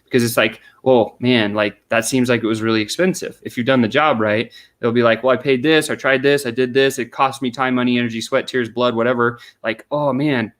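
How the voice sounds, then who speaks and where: A man's voice: medium pitch, steady tone, brisk, few pauses, a bit bright. A man on an interview, explaining a sales method step by step and acting out sample questions and replies. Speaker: sales consultant guest. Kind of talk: conversational interview.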